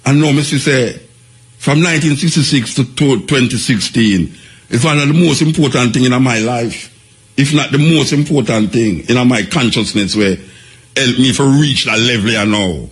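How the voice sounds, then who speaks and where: An older man with a Jamaican accent, telling his life story in an animated, repetitive way in casual patois. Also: medium pitch, moderate pace.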